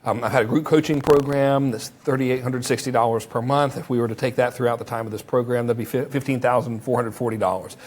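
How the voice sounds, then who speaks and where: A man teaching a marketing course, who acts out sample sales pitches in a lively way. His voice is strained from talking and he stops to drink water. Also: quick pace, hardly any pauses. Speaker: marketing instructor.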